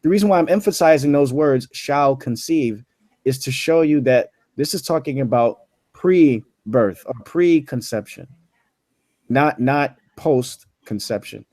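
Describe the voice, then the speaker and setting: A man co-hosting an apologetics chat. His voice sits at an ordinary pitch and sounds dry and close to the mic. He lays out his point patiently and drags out the key words. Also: mellow, no room sound. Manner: slows down to stress scripture words. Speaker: apologetics podcast co-host. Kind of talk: casual debate chat.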